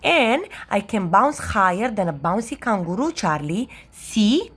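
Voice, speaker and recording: A woman's voice: big pitch swings, unhurried, fairly bright tone, husky, exaggerated voice. A woman voicing a cheeky little girl who insists she always wins, bossy and insistent. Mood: boastful. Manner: bossy, high-pitched and insistent.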